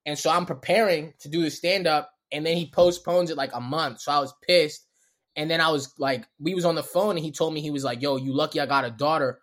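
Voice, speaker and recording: Animated man telling a wild story. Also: fairly high pitch, a little fast. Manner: animated, profane street-slang storytelling. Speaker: comedian guest. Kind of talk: storytelling in casual chat.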